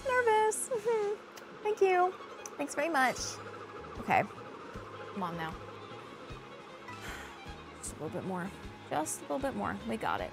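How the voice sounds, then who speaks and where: A woman co-hosting a livestream, excitable and self-mocking as she plays a racing game and chats with her viewers. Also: mid-range voice. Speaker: livestream co-host playing a kart racing game. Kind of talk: casual livestream banter.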